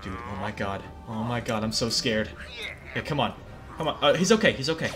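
Excitable young man yelling at a game. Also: mid-range voice, a little fast. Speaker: gaming video creator. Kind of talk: gameplay commentary. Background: game music.

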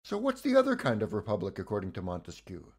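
A man's voice: fairly low pitch, huge pitch swings, fast talker, darkish tone, husky. A man giving scripted educational narration about political history, with wry, conversational asides.

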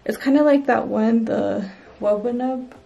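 A young woman with a slightly high, gravelly fry talks through a home tour in loose, filler-laden chat. She sounds set back from the mic in an echoey room, with faint music underneath. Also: unhurried, warm tone, distant mic, dull audio. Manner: chatty, filler-heavy, with frequent "like" and "um". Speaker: vlogger showing her baby's nursery. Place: indoors in a home nursery.

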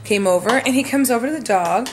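A woman's voice: fairly high pitch, quick pace, noisy background. Chatty woman vlogging at home. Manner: animated, profane, rambling storytelling. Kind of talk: casual storytime vlog. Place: home room.

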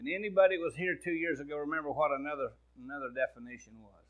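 A man's voice: a little high, fairly even intonation, very fast, narrow, tinny audio. A man with a Midwestern American accent preaching a sermon, speaking in a folksy, plain-spoken way and talking directly to his congregation. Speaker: pastor.

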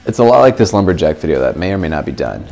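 A young man talks through casual self-help advice in a vlog, joking and teasing himself as he goes. His voice sits low but swings widely in pitch. Faint music plays under him. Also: sing-song, rapid-fire, creaky, darkish tone. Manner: playful, jokey, self-mocking. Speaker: vlogger.

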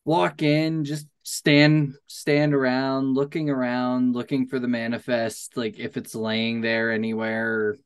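A man's voice: medium pitch, little pitch movement, a little slow, hardly any pauses, clear, resonant tone. A man playing a tabletop heist game, improvising his character's cover story with hesitant fillers. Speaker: player. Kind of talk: in-character tabletop role-play.

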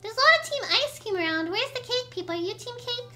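Young woman gamer, bubbly and gushing, with a very high, bright voice. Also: lively intonation, fast. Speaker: gaming video creator. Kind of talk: let's-play commentary.

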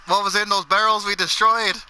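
A man playing an online game with a friend, excitable, laughing and swearing as he chats. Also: high voice, a little fast, a little hiss or hum, low-quality recording. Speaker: gamer. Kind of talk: casual gaming chat.

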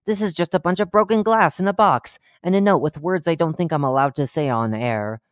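A reader voicing a cheerful, oblivious male radio talk-show host who chats brightly and drops deadpan dark jokes. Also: mid-range voice, a little fast, dry recording, studio quality, close to an everyday voice. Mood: chipper. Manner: chipper, chatty broadcast patter with deadpan dark jokes. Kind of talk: horror fiction reading.

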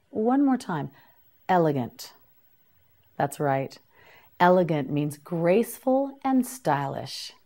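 A woman leads a scripted vocabulary lesson for beginners, sounding each word out with patient, deliberate care. Her voice sits a little low, and she moves at an unhurried, drawn-out pace. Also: dark tone. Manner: slow, careful, repeats each word for learners to echo. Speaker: English teacher.

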